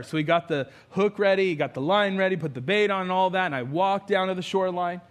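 A man's voice: sits high, fast, few pauses. A man, a pastor, preaching a sermon in a conversational storytelling way, with emphatic rising build-ups.

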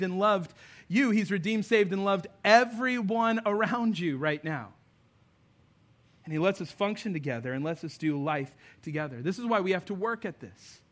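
Bright, high-voiced pastor preaching. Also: male voice. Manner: conversational, earnest preaching with light humor. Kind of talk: sermon. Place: church service before a congregation.

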